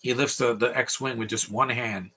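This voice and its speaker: A man's voice: mid-range voice, fairly even intonation, normal speed, sharp tone, slight background noise. A man giving casual, opinionated live commentary while watching a movie, ranting freely.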